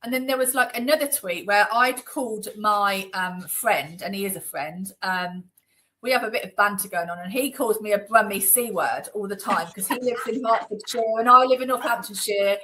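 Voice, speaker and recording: A woman's voice: mid-range voice, moderate pace, pushed and bright, poor audio. A woman being interviewed, talking in a chatty, indignant way with lots of fillers. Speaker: interview guest. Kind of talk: conversational interview. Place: Northamptonshire.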